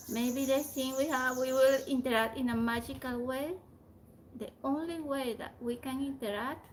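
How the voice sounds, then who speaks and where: A woman's voice: a little high, poor audio. A woman vlogging outdoors in a residential neighborhood, chatting casually and switching between Spanish and English. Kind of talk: casual walking vlog. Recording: faint outdoor background noise.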